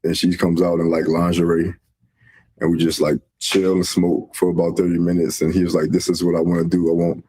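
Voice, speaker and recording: A man's voice: low-pitched, completely flat delivery, brisk, mellow, slightly rough. A man casually recounting a personal story, acting out quoted dialogue. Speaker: guest telling a story.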